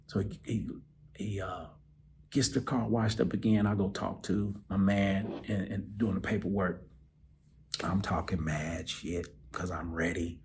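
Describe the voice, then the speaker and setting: Man, very low voice, storytelling, animated then hushed and teary, faint background hiss. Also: normal speed, gravelly. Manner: animated, emotional, drops to soft near-whispers. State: choked up, close to tears. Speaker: podcast host. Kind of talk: personal storytelling.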